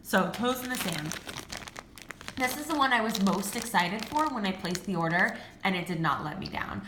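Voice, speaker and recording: Gushing, excitable woman in her twenties. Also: medium pitch, normal speed, reverberant, a little hiss or hum. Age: 20s. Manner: gushing, excitable, peppered with "like" and swearing. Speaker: vlogger. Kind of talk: casual haul video.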